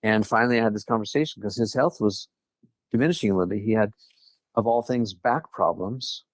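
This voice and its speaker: A man with a lowish voice tells his own story as a podcast guest, chatty and open. He acts out bits of past conversations and lets small laughs slip in. The sound is close and dry, with no room around it. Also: a little fast, no echo. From Southern California. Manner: chatty, quotes others, frequent light laughs. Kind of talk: casual interview storytelling.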